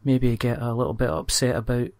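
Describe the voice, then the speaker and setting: A man's voice: medium pitch, brisk, creaky, darkish tone. A man hosting a casual board game podcast, chatty and rambling in a self-deprecating way. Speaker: podcast host.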